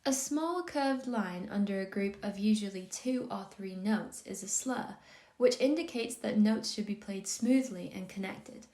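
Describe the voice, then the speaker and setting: A woman giving a scripted music theory lesson, explaining in a calm, measured, clearly paced way. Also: medium pitch. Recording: roomy echo on the voice.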